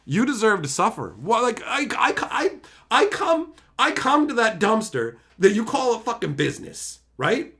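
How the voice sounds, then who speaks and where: Male streamer, young adult, bright and forceful, profane theatrical rant. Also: high voice, very animated, moderate pace. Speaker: livestreamer. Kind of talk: livestream rant.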